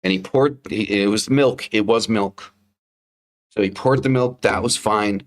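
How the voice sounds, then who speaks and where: A man's voice: fairly low pitch, measured pace. A man in his thirties co-hosting a casual livestream talk show, speaking candidly, swearing often and repeating himself as he tells stories. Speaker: podcast co-host, father.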